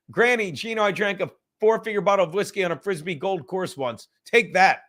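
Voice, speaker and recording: Fifties guy rambling on his home livestream, high-ish voice, swears a lot, laughs, whispers sometimes. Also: animated, moderate pace, a bit bright. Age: 50s. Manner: rambling, profane, laughing, drinking while talking; drops to a whisper at times. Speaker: livestream host. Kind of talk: casual livestream chat.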